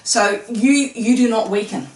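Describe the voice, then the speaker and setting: Woman interviewer, slightly high voice, leads and affirms the guest. Recorded off-mic in an echoey room. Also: a little slow, a little mellow, far from the mic. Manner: leading, affirming questions. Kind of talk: casual interview.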